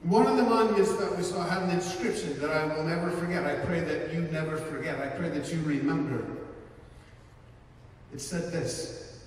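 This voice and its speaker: A male pastor giving an earnest sermon and personal testimony to an audience, slowing down for emphasis. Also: fairly high pitch, a little hiss or hum. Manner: earnest storytelling, slows for emphasis. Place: large hall before a live audience. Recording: echoey hall from far off.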